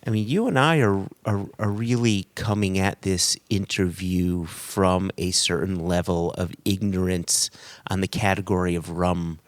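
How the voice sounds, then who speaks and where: A man's voice: deep voice, steady tone, a little slow, no echo. A man from the US co-hosting a casual podcast, rambling and self-deprecating, laughing often between thoughts. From United States. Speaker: podcast co-host.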